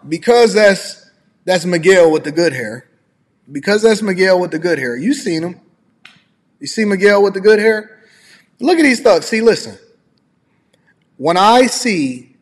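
A man with a high, husky voice rants through a commentary, sarcastic and emphatic, with loose slangy phrasing. His voice trails into a long reverb. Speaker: commentator reacting to news clips. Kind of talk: ranting commentary.

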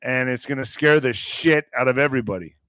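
Brisk and medium in pitch, a man hosting a live online commentary show talks in a rambling, excited way, sometimes shouting. No room sound can be heard.

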